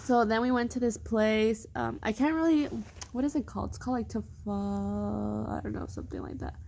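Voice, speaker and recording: A woman's voice: a little high, moderate pace, creaky, slight background noise. A young woman vlogging, telling a travel story in a casual, chatty way, saying "like" a lot and acting out what others said. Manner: chatty, says "like" a lot, quotes others in a lively way.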